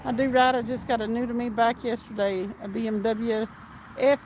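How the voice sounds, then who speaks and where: A woman's voice: a little high, little pitch movement, moderate pace, darkish tone, slight background noise, rough recording. Chatty woman reading chat. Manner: chatty, reads chat aloud, laughs often. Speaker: fishing livestream host. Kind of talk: casual livestream chat reading comments. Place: outdoors at night, fishing.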